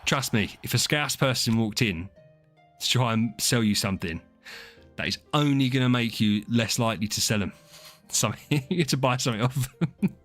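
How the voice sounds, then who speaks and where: A man's voice: mid-range voice, normal speed, fairly bright tone, soft background music. A man from England, streaming and chatting casually with his viewers in a teasing, rambling way. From southern England. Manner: chatty, teasing, frequent restarts and laughs. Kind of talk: casual chat with chat readers.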